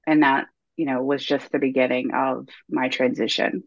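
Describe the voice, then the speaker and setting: A woman in her thirties telling her story as a podcast guest, animated, acting out her own past self-talk in quoted lines. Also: very deep voice, normal speed, creaky, dry recording, dull audio. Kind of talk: candid storytelling interview.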